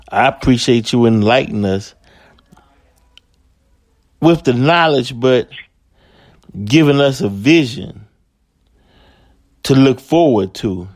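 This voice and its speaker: A man hosts the show and backs up his guest with "right" and "mm-hmm". He speaks very slowly. The sound is dry and close. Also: mid-range voice, a little mellow, no echo. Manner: affirming, says "right" a lot, unhurried. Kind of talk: casual radio talk.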